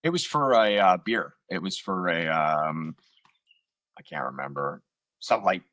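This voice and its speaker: A man's voice: low voice, expressive, measured pace, bright, forceful tone, dry recording. A man being interviewed about his acting career over a video call from home, telling long rambling stories with lots of fillers and self-mocking asides. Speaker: actor guest. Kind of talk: casual interview storytelling. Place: home room. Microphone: computer on video call.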